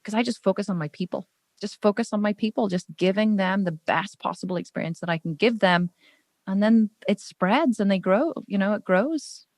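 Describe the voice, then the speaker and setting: A woman with a Northern Irish accent hosting a podcast interview, telling stories in an animated, chatty way. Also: mid-range voice, no room sound. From Northern Ireland. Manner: animated, rapid storyteller. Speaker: podcast host. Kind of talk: casual interview chat.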